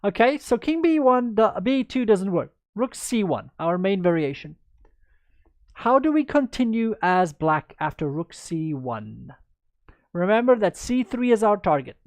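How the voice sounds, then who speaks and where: A woman's voice: medium pitch, big pitch swings, a little slow, a little mellow, no room sound. A woman chess coach in a livestreamed lesson, chatty and upbeat, answering viewers by name as she goes through moves.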